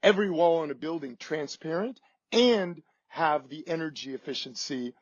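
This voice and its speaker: Male podcast guest, high and husky, emphatic, on dull, dry lo-fi audio. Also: lively intonation, normal speed, no room sound.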